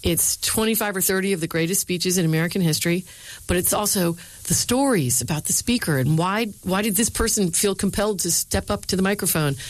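A middle-aged woman with a notably low voice, answering questions in an interview. She tells her stories with energy and voices the people she quotes. The sound is dry and close. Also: brisk, no room sound, poor audio. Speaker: speechwriter and university lecturer.

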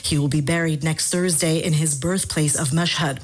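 A woman foreign correspondent filing a news report in an even, serious tone. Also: deep voice, normal speed.

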